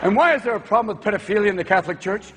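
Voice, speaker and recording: Brief: high, lively male stand-up comic, hall reverb and noise. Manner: rapid-fire, jumps into shouted character voices. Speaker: comedian. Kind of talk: stand-up comedy.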